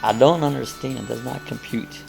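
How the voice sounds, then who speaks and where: A man's voice: mid-range voice, moderate pace, gravelly, music in the background. An older man hosting a casual live chat, rambling and chuckling as he reads viewer comments aloud. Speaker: host of a live coffee chat.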